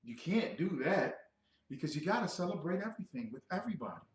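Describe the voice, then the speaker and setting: A man giving a loud, joking scripture lesson who quizzes his listeners. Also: on the high side, big pitch swings, fast, roomy sound, a little hiss or hum. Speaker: scripture teacher. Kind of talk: animated scripture breakdown.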